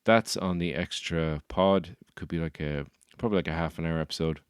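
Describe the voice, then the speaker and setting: Brief: Dublin Irish comedian and podcast host, very low voice, dry and close, rambling and wry. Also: male voice, steady tone, a little fast, clean tone, no room sound. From Ireland. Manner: rambling, wry, self-mocking. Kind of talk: comic podcast monologue.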